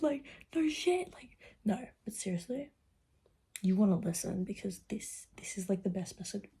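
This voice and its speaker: A woman's voice: medium pitch, animated, a little fast, mellow, husky. A young woman vlogging in casual, rambling chat, swearing freely and often dropping into a whisper. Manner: rambling and profane, drifts into whispers.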